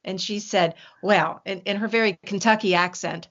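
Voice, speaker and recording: A woman's voice: medium pitch, lively intonation, normal speed, few pauses, fairly bright tone. An older woman, a guest herbalist, chatting in an interview, telling stories with many restarts. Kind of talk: casual interview chat. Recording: dull lo-fi sound.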